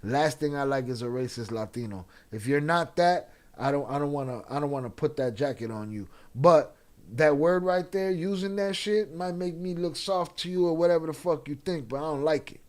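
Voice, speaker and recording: Speaking at a moderate pace in a fairly high voice, a male live-stream reaction host casually comments and reads out chat messages in a blunt, profane manner.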